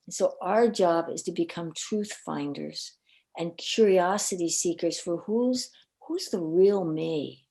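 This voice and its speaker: A woman speaks as a podcast guest, her voice low-set and mellow. She tells personal stories with an earnest, animated delivery and often stumbles over repeated words. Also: takes it slowly. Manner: earnest, animated storyteller with frequent word repeats. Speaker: guest coach and minister. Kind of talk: personal storytelling in a podcast interview.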